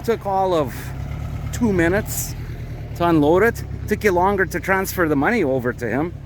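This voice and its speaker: Canadian man, fairly high-pitched, casual rambling vlog host, outdoor garden, faint background noise. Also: animated, moderate pace. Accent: Canadian English. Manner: chatty, rambling explanations. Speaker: vlogger. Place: outdoors at a country garden plot.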